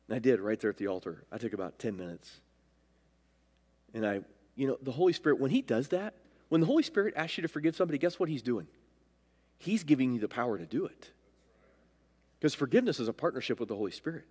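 A man's voice: mid-range voice, animated, fast, pauses often, a little mellow, husky. A male pastor preaching a sermon, emphatic, swinging his voice up and down for stress, recorded in a church sanctuary. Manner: emphatic, rising and dropping for stress. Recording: long reverb of a church hall.

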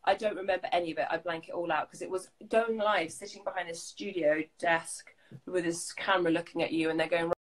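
Interview guest: woman, lowish voice, chatty and animated. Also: brisk, rough recording. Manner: animated, chatty, acts out quotes with restarts. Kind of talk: casual interview chat.

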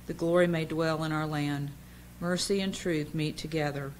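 A woman with a very low voice reads psalms in a steady liturgical way. A faint hiss sits under the church recording. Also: moderate pace, poor audio. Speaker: reader.

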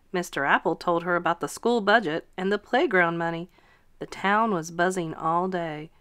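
A woman teacher reading a children's picture book aloud in an expressive, sing-song storytelling voice, close to the mic. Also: lowish voice, moderate pace, clear, resonant tone, no echo.

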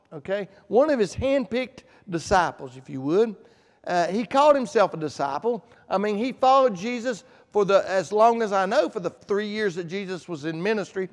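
A male pastor preaching a sermon in a church sanctuary, emphatic and repetitive, dropping to quiet asides. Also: sits high. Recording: long church reverb.

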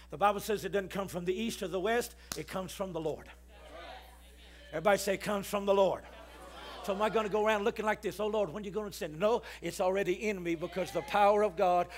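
High-voiced preacher. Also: male voice. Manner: storytelling preacher, rising to shouts, call-and-response with the congregation. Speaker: pastor. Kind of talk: sermon. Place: church.

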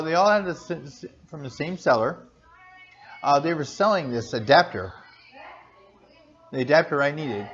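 A man co-hosting a casual chat in a coffee shop, talking haltingly with many restarts and repeated words. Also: mid-range voice. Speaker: co-host. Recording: dull lo-fi sound, faint music.

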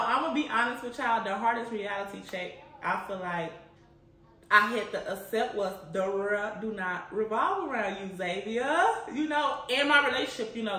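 A woman's voice: on the high side, bright, forceful tone. A young woman chatting casually to camera, laughing often as she answers viewer questions. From Chicago. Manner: chatty, laughs often, says "you know what I'm saying". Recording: echoey room.

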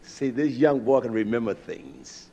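Man, preacher, fiery sermon, slow delivery, loud outbursts and hushed asides. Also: lo-fi sound, a little hiss or hum. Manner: fiery, swings between loud declaiming and low asides to the congregation; peppers speech with Hebrew terms and blunt curses.

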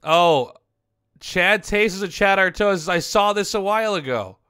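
A streamer reviewing fan drawings laughs often, swears, and tosses out amused asides in casual stream commentary. His crisp, bright voice is high-pitched and animated but a little slow. He uses a headset mic, and the sound is clean studio audio with no echo.

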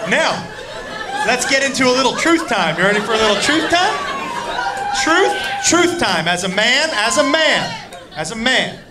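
A man telling a profane story in a stand-up set, shouting his punchlines. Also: extremely high pitch, sing-song, normal speed, very noisy. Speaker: stand-up comedian. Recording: live club with loud crowd laughter.

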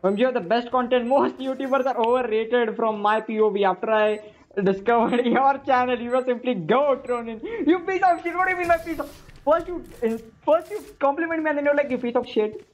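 A young woman, live-streaming games and chatting casually, excitable and swearing at the game. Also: a little high, brisk. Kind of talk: casual live-stream chat while gaming.

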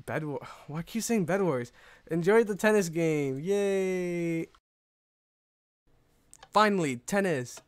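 Guy commentating his own game, kinda high voice, gets excited and roasts himself a lot, dry close sound. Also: moderate pace, no room sound. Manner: excitable, self-mocking, rambling. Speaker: gaming YouTuber. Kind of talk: casual gameplay commentary.

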